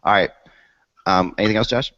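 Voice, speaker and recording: A man's voice: on the low side, fairly even intonation, a bit bright. A man hosting a sports podcast in casual chat, rambling and passing the word to his co-hosts. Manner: quick, rambling, hands off to co-hosts. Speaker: podcast host. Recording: dull lo-fi podcast audio.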